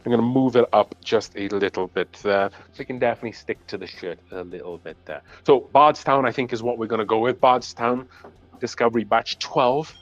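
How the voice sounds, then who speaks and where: A man's voice: mid-range voice, a little fast, lo-fi sound, faint music behind. A man with a Welsh accent hosting a casual whiskey livestream, chatty and easygoing, thanking viewers by name. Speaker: whiskey channel host. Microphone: clip-on mic on his shirt.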